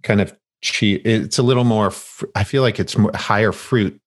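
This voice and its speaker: A man's voice: on the low side, normal speed. A middle-aged man from Maine, a podcast guest chatting casually, laid-back, laughing often and rambling through restarts. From Maine, USA. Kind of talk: casual chat.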